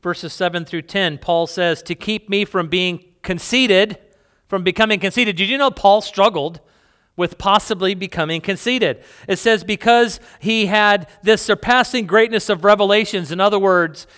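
A man's voice: high voice, moderate pace, fairly bright tone, clean tone. A man preaching a sermon to a congregation in a church hall, conversational and playful, with asides to the people in front of him. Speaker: pastor.

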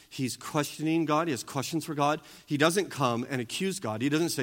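A male pastor preaching a sermon, moving between quiet teaching and loud, emphatic preaching. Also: on the high side, moderate pace, hardly any pauses.

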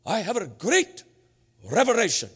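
A man voicing an old, fervent fisherman preacher with a Norwegian accent and a high, strained voice, proclaiming with drawn-out emphasis. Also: wildly swooping pitch, a bit bright, husky, full character voice. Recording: reverberant church hall with faint music.

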